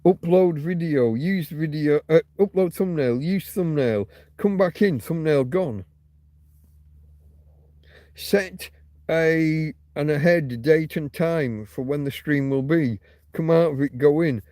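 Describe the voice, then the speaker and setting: Swearing, ranting livestream host, mellow man. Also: fairly high pitch, slow, no echo. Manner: ranting, swearing freely, frequent restarts and repeats. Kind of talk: casual rambling livestream chat, reading viewer comments.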